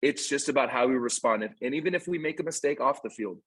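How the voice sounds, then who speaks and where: A man's voice: medium pitch, fast talker, fairly bright tone, breathy edge, low-quality recording. A man co-hosting a casual podcast, an earnest youth baseball coach telling stories with emphatic repeats.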